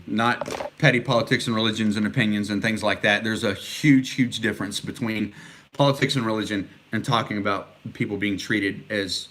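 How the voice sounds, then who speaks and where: A man's voice: fairly low pitch, a bit bright, slight background noise. A middle-aged man from Texas, chatting casually and earnestly on a livestream, rambling with many fillers as he answers viewers' comments. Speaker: vlogger answering live comments.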